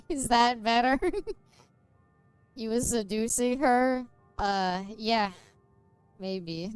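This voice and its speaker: A woman's voice: fairly high pitch, extremely slow, pauses often, clear, resonant tone, dry recording, faint music behind. A woman streamer chatting casually and joking while reading aloud, often laughing. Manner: giggly, joking. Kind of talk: casual chat while reading in-game book.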